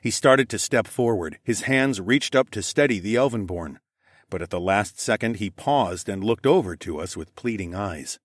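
A man narrating a fantasy story in the first person with dramatic, expressive reading. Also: fairly low pitch, moderate pace, no echo, clean studio sound.

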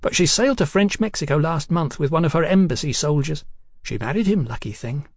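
Brief: man doing a high, loud, slurring tipsy working girl, brash and forthright, in a dry audiobook read. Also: animated, brisk, breathy edge, no room sound. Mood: gossipy. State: drunk. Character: tipsy bawdy young London working woman.

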